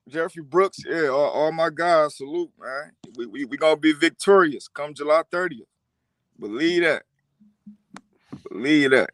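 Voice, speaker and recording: A man from Detroit joining a boxing stream as a guest, talking in a relaxed way with repeated words and fillers. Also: a little high, dry recording, studio quality. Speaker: call-in guest, boxing fan. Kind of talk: casual chat.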